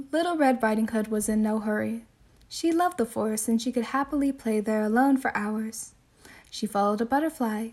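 Gentle woman reading a bedtime story. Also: a little high. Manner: gentle, soothing, measured narration.

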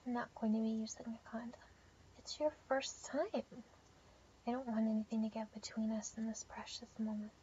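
A young woman in a whispered role-play, speaking in a soft, teasing whisper with breathy murmurs. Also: fairly high pitch, flat delivery, moderate pace. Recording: dull lo-fi audio with faint background hiss.

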